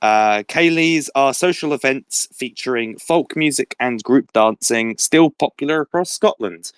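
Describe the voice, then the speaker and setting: A man's voice: medium pitch, a little slow, clean tone, dry recording. A young man hosting a casual quiz, reading out questions and options with frequent laughs. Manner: reads questions and options aloud, laughs often. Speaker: quiz host.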